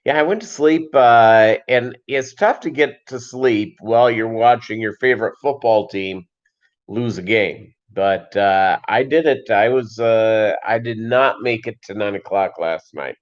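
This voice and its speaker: A man hosting a casual livestream, rambling with many fillers and pauses and reading chat comments aloud. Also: on the low side. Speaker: livestream host. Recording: dull lo-fi stream audio.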